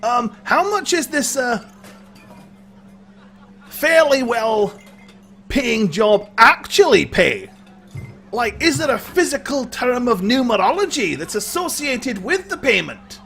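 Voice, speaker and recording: A man's voice: extremely high pitch, very animated, slow, gravelly, pauses often, fairly bright tone, soft background music, pitched above the performer's own voice, full character voice. A man voicing a short, squat male dwarf who is keen for paid work in a tabletop game. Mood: eager.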